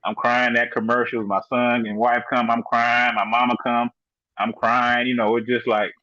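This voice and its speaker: A middle-aged man, a podcast guest, telling his story in a casual, animated way, filling it with "you know" and acted-out quotes. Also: medium pitch, moderate pace, no echo, muffled recording.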